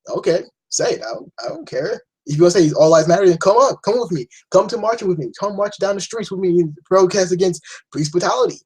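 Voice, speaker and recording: Young guy vlogging, husky voice pitched a bit high, rambly and blunt, swears a lot. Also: a little mellow, low-quality recording. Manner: rambling, blunt, swears often, frequent restarts. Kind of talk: casual opinion rant.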